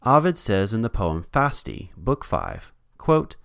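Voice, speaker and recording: A man's voice: on the low side, huge pitch swings, slow, vocal fry, fairly bright tone, dry recording, studio quality. A man hosting a podcast, reading a scripted history narration with wry, joking asides. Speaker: podcast host.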